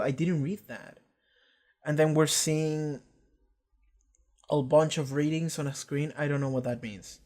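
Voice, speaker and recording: A man hosting a live reaction stream, recapping an episode in a rambling, excitable way, swearing casually and acting out characters' lines. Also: fairly high pitch, unhurried, long pauses. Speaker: reaction channel host.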